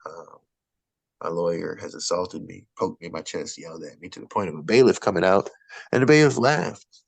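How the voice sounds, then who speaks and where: A man's voice: low voice, fairly quick, creaky, dry recording. A man, a stand-up comedian guest, telling a long story in casual conversation in an indignant, rambling way. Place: Los Angeles.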